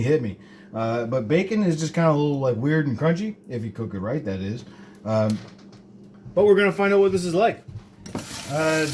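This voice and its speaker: A young man from Canada talks his way through making food in a home kitchen, rambling and swearing freely with lots of fillers. His voice sits a little high for a man. A faint hum of room noise runs underneath. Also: darkish tone. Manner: rambling, profane and joking, many fillers. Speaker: home cook vlogger. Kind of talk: casual cooking demonstration.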